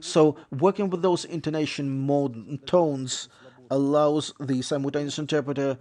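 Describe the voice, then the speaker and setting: A man voicing an English lecture on interpreting, explaining at a measured pace and often correcting himself as he goes. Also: fairly high pitch, steady tone, darkish tone.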